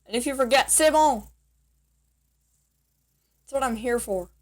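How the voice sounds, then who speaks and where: A woman's voice: on the high side, quick pace. Young woman vlogging, teaching a bit of french, giggly and rambly, laughs at herself. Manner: giggly, rambling, self-deprecating. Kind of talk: casual chatty tutorial.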